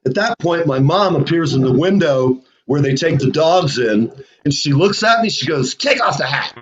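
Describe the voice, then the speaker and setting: A man's voice: on the high side, lively intonation, moderate pace. A man hosting a casual live show, telling rambling stories with lots of fillers. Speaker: host. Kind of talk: casual storytelling chat. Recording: lo-fi dull sound.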